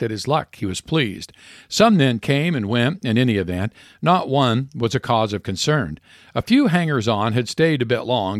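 A man hosting a radio show, reading ads and reciting a rhyming western poem in a steady rhythm. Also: medium pitch, no echo, clean studio sound. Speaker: radio host.

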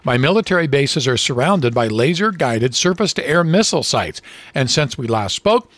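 A man voicing a formal, dryly patient president who speaks in a measured way. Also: medium pitch, big pitch swings, fairly bright tone, no echo.

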